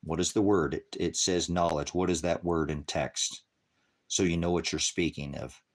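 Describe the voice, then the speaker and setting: A man preaching on a livestream, berating viewers in his chat with constant profanity and swinging between shouting and muttering. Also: deep voice, steady tone, moderate pace.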